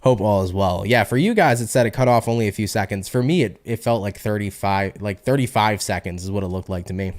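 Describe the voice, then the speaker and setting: A man's voice: lowish voice, quick pace, few pauses. A man giving a chatty live-stream tarot reading, reading out viewer comments as he goes. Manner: animated, chatty, reads audience comments aloud. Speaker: tarot reader.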